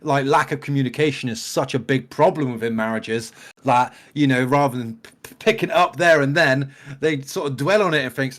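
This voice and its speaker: A man's voice: medium pitch, brisk. A man co-hosting a casual reaction show, earnest and agreeable. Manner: earnest, keeps saying mate. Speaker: reaction video co-host.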